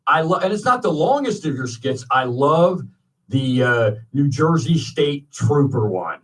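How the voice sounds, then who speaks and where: A man's voice: fairly high pitch, sing-song, a little slow, recorded from a distance, poor audio. A man in his fifties from Atlanta, hosting a radio talk show and heaping enthusiastic praise on his guest. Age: 50s. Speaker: radio host. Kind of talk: radio interview chat.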